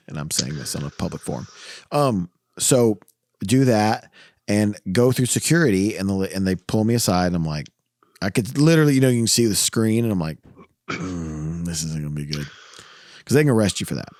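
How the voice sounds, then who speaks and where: A man's voice: lowish voice, lively intonation, fairly quick, darkish tone, no room sound, studio quality. A man hosting a podcast in casual chat. He tells stories, laughs often and quotes people in his own voice. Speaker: podcast host.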